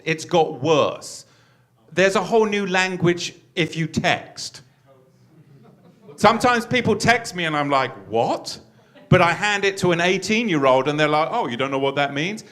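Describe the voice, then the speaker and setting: A man's voice: fairly high pitch, a bit bright. A man hosting a religious teaching talk, earnest and preacherly, often repeating his words as he builds a point. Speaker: host.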